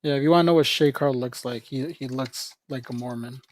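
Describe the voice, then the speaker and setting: A man's voice: medium pitch, brisk, no echo. Joking, rambling streamer man, dry sound. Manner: rambling, joking, laughs often, says "bro". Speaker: livestreamer. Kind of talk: casual livestream chat.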